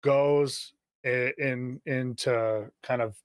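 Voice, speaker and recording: A man's voice: medium pitch, fairly even intonation, smooth, no room sound. A man narrating a tabletop game as game master, taking his time and stumbling over words as he feels his way through the scene. The sound is dry and close, with no room around him. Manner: halting, searching for words.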